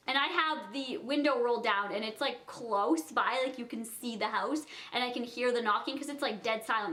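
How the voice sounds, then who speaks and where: A young woman in her twenties telling a storytime vlog, animated and giggly, acting out the quotes. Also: a little high. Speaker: vlogger.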